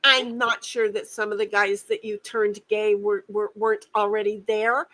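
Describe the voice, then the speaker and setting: A woman's voice: medium pitch, level tone, normal speed, bright, forceful tone, rough recording. A woman hosting a casual livestream from home, venting angrily and swearing, often repeating herself. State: angry and upset. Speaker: stream host.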